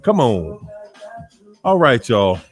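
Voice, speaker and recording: A man with a D.C. African American accent hosts a casual livestream and greets viewers one by one. His pitch swings animatedly while his delivery stays slow and easy, and faint music plays underneath. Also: very animated. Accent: African American English from Washington, D.C. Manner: playful, greets viewers by name, laughs often. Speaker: livestream host.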